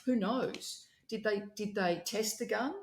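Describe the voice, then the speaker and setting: A woman's voice: mid-range voice, a little slow, echoey room, slight background noise. A woman with legal expertise guesting on a podcast, making pointed remarks and firing questions. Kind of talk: casual chat.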